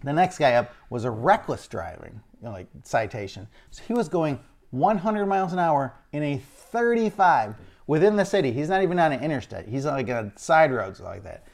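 A man's voice: a little high, moderate pace, gravelly. Man telling an exasperated story. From Illinois, USA. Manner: animated, exasperated retelling. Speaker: speaker. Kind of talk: personal storytelling.

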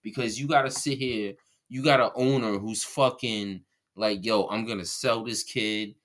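Bright-voiced man ranting on a podcast. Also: on the low side, fairly even intonation, moderate pace. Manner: heated, profane ranting. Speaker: podcast co-host. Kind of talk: casual sports chat.

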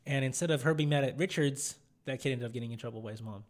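A young podcast host talks fast in a medium-pitched voice, chatting casually. He rambles through his stories and acts out the voices and quotes in them.

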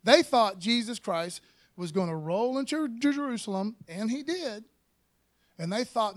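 High-voiced folksy male preacher. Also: lively intonation. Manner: folksy, keeps adding "man" and "amen"; slows down and gets louder to read scripture. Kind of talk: sermon.

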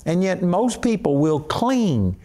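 A man's voice: sits high, very animated, slow pace, dark tone. A man delivers a sermon with earnest emphasis. He drives each point home with conviction. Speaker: preacher.

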